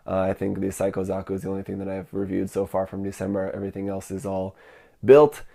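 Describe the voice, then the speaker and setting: Nasal man with a cold, gravelly. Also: deep voice, flat delivery, mellow. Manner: halting, with many fillers. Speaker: model kit channel host. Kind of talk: casual video commentary.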